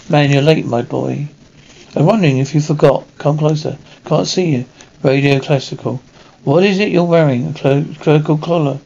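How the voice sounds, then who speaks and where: A man reading a television episode script aloud and voicing every part himself in a flat read-through, on a dull, slightly lo-fi recording with faint hiss. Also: fairly high pitch, moderate pace, gravelly. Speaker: radio reader.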